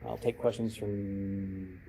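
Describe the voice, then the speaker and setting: Speaking slowly with a deep, dark voice, fairly even intonation and vocal fry, a middle-aged cybersecurity speaker tells stories during a conference talk and acts out the people in them. The presentation room recording is low quality with slight background noise.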